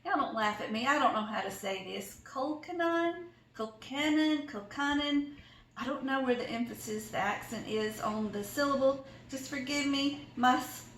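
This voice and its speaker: A woman's voice: a little high, moderate pace, few pauses, fairly bright tone, echoey room, a little hiss or hum, rough recording. A woman with a Southern US accent hosting a cooking vlog, chatty and folksy as she walks through a recipe in her home kitchen. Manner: chatty, folksy, self-deprecating. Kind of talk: casual cooking tutorial.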